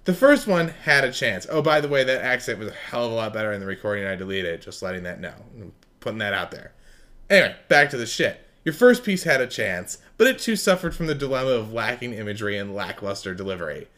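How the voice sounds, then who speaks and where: Blunt, profane man with lively pitch. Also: fast. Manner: swings between loud bursts and muttered asides. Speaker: writing contest judge. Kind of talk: recorded critique of contest entries.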